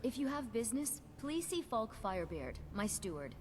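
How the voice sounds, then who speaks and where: A woman's voice: on the high side, sing-song, moderate pace. A gracious queen ruler. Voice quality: formal, gracious. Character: stately young woman ruler, gracious and formal. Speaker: game character. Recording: game audio, music behind.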